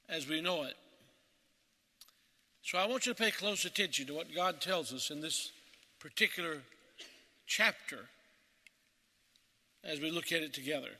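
A male preacher opening a sermon and reading scripture aloud in a measured, deliberate way. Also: fairly high pitch, pushed and bright, in a large hall. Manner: measured, deliberate reading of the King James text.

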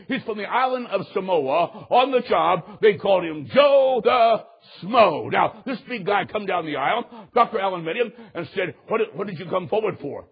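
A man preaching a sermon, telling a story in an animated way that swings from loud outbursts to hushed moments. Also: high-pitched, breathy edge, dull audio.

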